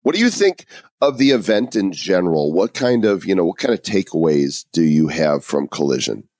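A man co-hosting a podcast in casual chat, telling stories in a wry, lively way. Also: low voice, moderate pace, dry recording, clean studio sound. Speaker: podcast co-host.

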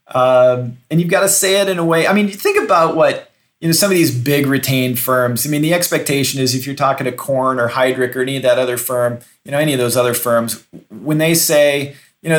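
A man's voice: medium pitch, a bit bright. A middle-aged man, a recruiter, answering interview questions in a conversational way, often restarting and repeating words for emphasis. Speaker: recruiter, podcast guest.

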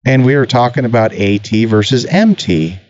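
A middle-aged man co-hosting a podcast, telling animated stories in casual chat and swearing freely. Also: mid-range voice, normal speed, no room sound. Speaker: podcast co-host. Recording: slightly muffled audio.

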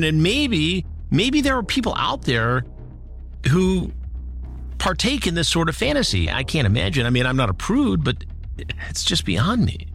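A man's voice: mid-range voice, fairly bright tone. A man hosting a commentary show, retelling a case in an indignant, worked-up way. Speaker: host. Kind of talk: commentary podcast.

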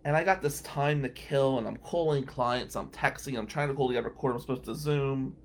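A podcast host and lawyer tells wry, incredulous stories from his workday in a storytelling monologue. His voice is medium-pitched and fairly quick.

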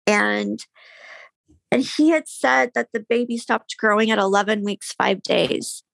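A woman's voice: on the high side, steady tone, measured pace, gravelly, a bit bright, no echo, studio quality. A young woman guest telling a personal story in casual conversation, candid, with frequent fillers and sighs.

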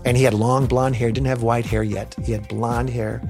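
A man with a mid-range voice speaks frankly as an interview guest, telling his stories with animated, acted-out quotes. Music plays softly behind him. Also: mid-range voice, moderate pace. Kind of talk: candid storytelling interview.

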